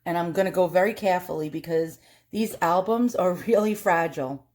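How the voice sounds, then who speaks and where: A woman's voice: on the low side, a little fast, darkish tone. A woman with a New York accent chatting in a casual vlog, nervous and self-deprecating, rambling with lots of fillers and restarts. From Long Island, New York. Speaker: vlogger.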